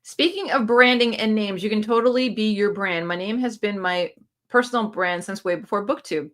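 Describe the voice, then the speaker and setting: A woman's voice: medium pitch, normal speed, a bit bright. A woman hosting a casual live stream, reading viewer comments aloud and answering them in an encouraging, coaching tone, recorded on a phone camera. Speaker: booktube channel host.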